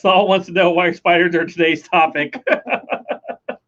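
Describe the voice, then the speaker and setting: A man's voice: high-pitched, measured pace, a bit bright. A man co-hosting a casual home livestream, teasing his partner, laughing a lot and reading out chat comments. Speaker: livestream co-host. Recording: slightly dull lo-fi stream audio.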